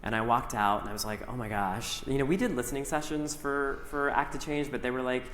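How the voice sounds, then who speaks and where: A middle-aged man speaks onstage in a large hall, his voice carrying a long, roomy echo. He recounts his own story openly and acts out his past words, at an ordinary pitch. A faint hum sits behind him. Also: fairly quick. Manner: animated, acts out his own past lines, laughs often. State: briefly emotional. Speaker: author and actor, keynote guest. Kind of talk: onstage conversation, personal storytelling.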